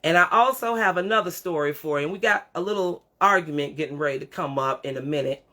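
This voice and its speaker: Middle-aged woman, livestream host, bright forceful voice, profane and preachy, talks straight to camera. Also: sits low, fast talker. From Creole background. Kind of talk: unscripted livestream rant.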